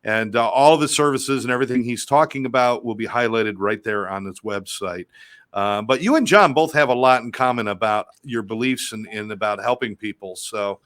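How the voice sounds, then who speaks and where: A man's voice: mid-range voice, moderate pace, fairly bright tone. A man co-hosting a podcast, introducing the show and guest in a chatty way with many fillers. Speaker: podcast co-host.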